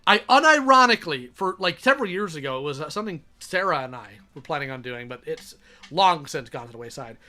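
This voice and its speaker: A man's voice: fairly high pitch, expressive, fast, bright, forceful tone. A man reading messages aloud and reacting in a sarcastic, exasperated way.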